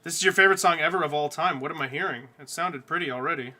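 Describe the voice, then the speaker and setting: A man live-streaming as he draws a coloring page, quietly talking himself through the work with joking asides. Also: fairly high pitch, rapid-fire. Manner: mumbles quietly to himself while working, jokey asides. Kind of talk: casual live-stream chat while drawing.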